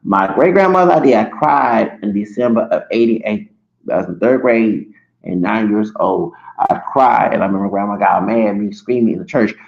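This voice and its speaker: A man's voice: on the low side, normal speed, gravelly. A man in his forties talking in a long, rambling livestream monologue, often restarting and correcting himself. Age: 40s. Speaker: streamer. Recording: echoey room, dull lo-fi sound.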